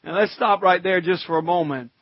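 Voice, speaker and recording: High-voiced preacher man, lo-fi recording. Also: brisk, no room sound. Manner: conversational preaching, calls to the congregation; reads scripture in old-fashioned wording. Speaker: pastor. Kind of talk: sermon.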